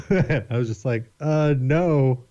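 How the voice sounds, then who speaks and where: As a podcast guest, a man spins a long, rambling story in casual storytelling, animated and quick to swear and laugh. His mid-range voice is dark and mellow, and the recording sounds slightly dull.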